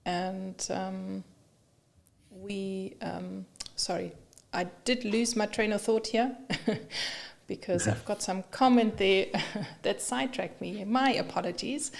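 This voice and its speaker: A woman co-hosting a photography live stream, chatting casually with viewers and her co-host, with many fillers and pauses. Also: mid-range voice, gravelly.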